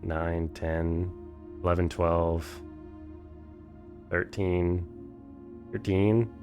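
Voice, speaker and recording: A man with a low, gravelly voice gives loose live-stream commentary as he plays. He thinks aloud, swears freely and chats with his viewers. Soft game music runs faintly underneath. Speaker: streamer playing a game for the first time.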